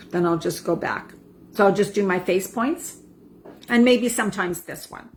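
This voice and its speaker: A woman in her forties, a wellness coach, calmly guiding a tapping practice and checking in with "right?" and "okay?". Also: medium pitch, moderate pace, slight background noise. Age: 40s. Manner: soothing affirmations with frequent "right?" and "okay?". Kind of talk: guided self-help demonstration.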